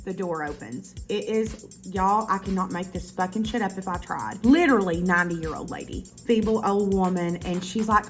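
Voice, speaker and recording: A woman telling a casual storytime to her viewers, animated and full of profanity. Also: mid-range voice, normal speed, faint music behind. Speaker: YouTuber.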